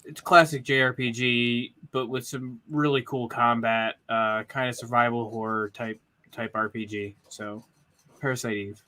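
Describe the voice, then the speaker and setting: A man on a podcast chatting casually and tossing in quick teasing interjections. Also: mid-range voice, flat delivery, sharp tone. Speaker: podcast guest. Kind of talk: casual chat.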